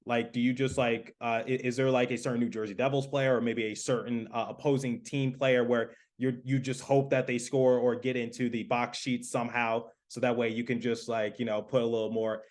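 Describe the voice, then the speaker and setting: A man's voice: mid-range voice, level tone, a little fast, hardly any pauses. A young adult man hosting a sports podcast, asking long rambling questions full of fillers. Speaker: podcast host. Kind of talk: casual interview podcast.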